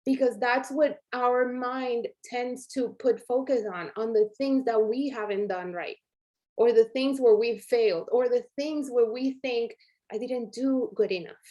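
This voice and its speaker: A woman in her forties with a slightly high voice hosts a live online coaching workshop. She talks in a chatty, encouraging way, turning again and again to her viewers as "you guys.". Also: a little mellow. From Colombia. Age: 40s. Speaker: workshop host.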